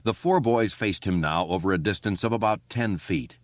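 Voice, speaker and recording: A man narrating an audiobook in a steady, expressive storytelling way. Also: lowish voice, normal speed, no room sound. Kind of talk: scripted narration. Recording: dull lo-fi dry recording.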